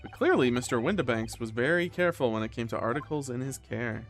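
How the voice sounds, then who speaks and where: Over faint music, an expressive man with a mid-range voice talks quickly as he streams a video game. He reads the dialogue aloud in a jokey, casual way and catches his own errors as he goes.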